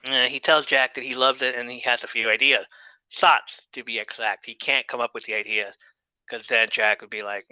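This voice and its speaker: A man talks through a TV episode in a loose, joking way, swearing freely and laughing at the show. His voice is very bright and cutting, and the recording is dry and close. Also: mid-range voice, steady tone, normal speed, smooth, no echo, low-quality recording. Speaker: podcast host. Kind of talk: casual TV episode recap.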